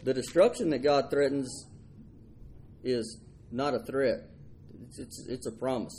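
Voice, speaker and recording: A man's voice: medium pitch, a little slow, long pauses, a little mellow, a little hiss or hum. A man preaching a folksy sermon. He stumbles over and repeats his words and acts out the people in the story.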